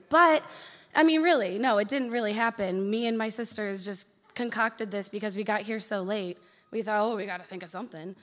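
A young woman tells a short personal story to an audience in a wry, laughing way. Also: on the high side. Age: young adult. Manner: wry, laughing between lines. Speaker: storyteller at a community gathering. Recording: hall reverb with faint noise.

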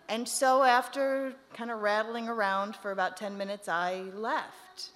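A woman's voice: on the high side, measured pace, hardly any pauses. Humorous woman telling her story in a church. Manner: humorous, laughing often, lively storytelling. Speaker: seminarian sharing her story. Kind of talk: personal story in a church service. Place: church sanctuary. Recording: echoey hall with faint noise.

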